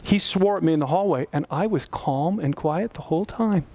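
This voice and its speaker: A man's voice: on the high side, normal speed, a little mellow. A man preaching a sermon as pastor, telling a personal story and pleading earnestly. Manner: storytelling, rising to pleading intensity.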